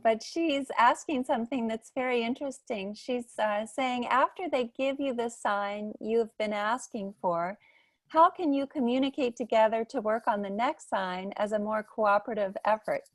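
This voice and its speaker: A woman's voice: on the high side, normal speed, no room sound. A woman hosting an online meeting, politely reading out audience questions with some hesitation. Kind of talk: live online meeting moderation.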